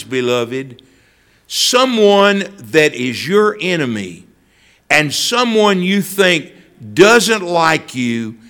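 A man's voice: high voice, pushed and bright. A man preaching a sermon, telling stories and addressing listeners by name.

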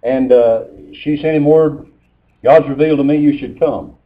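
Male preacher, mid pitch, folksy sermon delivery, narrow tinny phone-like audio. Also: moderate pace. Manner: folksy storytelling with scripture quotes.

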